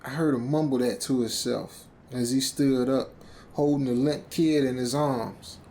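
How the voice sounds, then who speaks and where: A man's voice: mid-range voice, fairly even intonation, a little slow, mellow, slight background noise. A man narrating a horror story as a rambling, stammering speaker who keeps ending phrases with "man".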